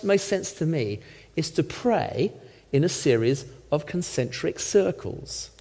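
A middle-aged man, a former lawyer, preaching a sermon with emphatic, animated teaching and frequent check-ins with the congregation. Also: fairly high pitch. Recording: long hall reverb.

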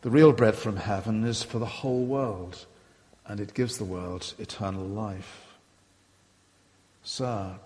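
A man giving a sermon, retelling and quoting scripture in a measured, reflective way. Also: fairly low pitch, in a large hall. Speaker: preacher.

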